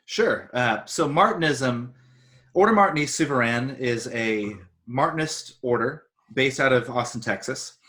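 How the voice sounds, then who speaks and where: Guest voice, man from Arizona, earnest explainer, bright and forward tone. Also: mid-range voice, animated, normal speed. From Arizona, United States. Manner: earnest, explanatory, speeds up when making a point. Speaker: podcast guest. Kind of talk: casual conversational interview.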